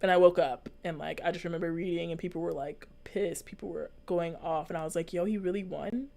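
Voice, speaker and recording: Fairly low-pitched, gravelly and mellow, an American young woman talks fairly quickly with fairly even intonation, chatting casually with her viewers as a vlogger. She reads and replies to live comments, rambling with many fillers and restarts.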